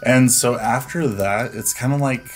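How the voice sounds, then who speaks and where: A man's voice: medium pitch, measured pace, soft background music. A man telling a personal story as a podcast guest, in a laid-back, profane way. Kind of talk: casual storytelling.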